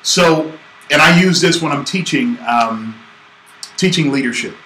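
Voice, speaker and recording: Lively Georgia man telling a story. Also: a little high, unhurried, a little hiss or hum. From Georgia, USA. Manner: animated, acts out voices in stories. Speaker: business coach host. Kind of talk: casual teaching talk with storytelling. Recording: echoey room with faint ambience.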